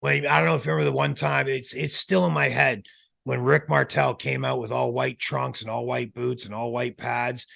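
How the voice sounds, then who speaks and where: A man being interviewed as a former pro wrestler, telling stories in a lively way, acting out quotes and laughing as he goes. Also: mid-range voice, normal speed, vocal fry. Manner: animated storyteller who acts out quotes and laughs. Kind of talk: casual storytelling interview.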